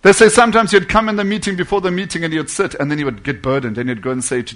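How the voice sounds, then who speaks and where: A man preaching a sermon with fervent delivery, swinging between loud emphasis and hushed tones. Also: fairly high pitch, steady tone, rapid-fire, hardly any pauses.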